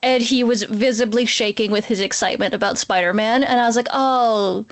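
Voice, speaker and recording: A young woman co-hosting a podcast, emotive and gushing, with "like" scattered through her casual chat. Her voice is fairly high. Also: steady tone, brisk. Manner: emotive, gushing, says "like" a lot. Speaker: podcast co-host.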